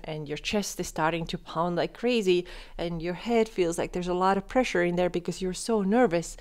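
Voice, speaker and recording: A woman hosting a coaching podcast, speaking directly to the listener and shifting between quick animated talk and slow, soft, calm delivery. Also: on the low side. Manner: addresses listener directly with questions. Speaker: podcast host and wellness coach.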